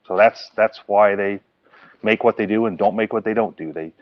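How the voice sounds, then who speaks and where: A man's voice: fairly low pitch, moderate pace, no echo, dull audio. A man guest, chatting casually about antennas and telling stories with lots of voice play. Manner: animated storyteller acting out phone calls. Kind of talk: casual chat, storytelling.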